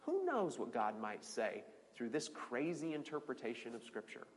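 Animated man teaching in a reverberant hall. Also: moderate pace. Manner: animated, restarts phrases, swoops high on emphasis. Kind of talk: informal Bible teaching.

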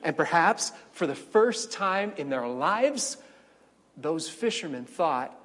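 Slow-preaching man in a reverberant hall. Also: a little high, big pitch swings, fairly bright tone. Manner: storytelling, dramatic with wry asides. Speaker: pastor. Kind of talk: sermon.

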